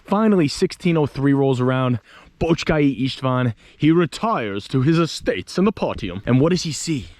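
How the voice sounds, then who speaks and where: Excitable man telling history on a hike. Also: medium pitch, moderate pace, no echo, studio quality. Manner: animated, excitable, swears casually, hams up the story. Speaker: travel vlogger and history storyteller. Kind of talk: casual storytelling vlog while hiking. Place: outdoors on a hike.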